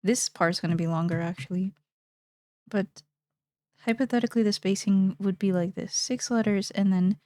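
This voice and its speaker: A woman's voice: mid-range voice, moderate pace, darkish tone, no echo, studio quality. A young woman streamer chatting casually while she draws, rambling playfully and thinking aloud.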